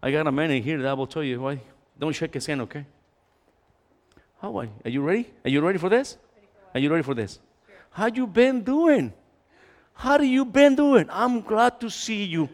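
A male pastor with a notably high voice delivers a conversational sermon in a church sanctuary. He talks to the congregation in an animated way, swinging between loud and quiet. His words carry a long hall reverb. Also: normal speed, pauses often. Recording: echoey hall.

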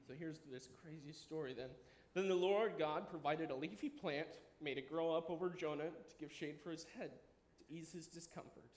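A man in his thirties preaching a sermon, animated and enthusiastic, dropping at times to a quiet, earnest tone. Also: on the high side, moderate pace, hardly any pauses. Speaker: pastor. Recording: echoey room with faint ambience.

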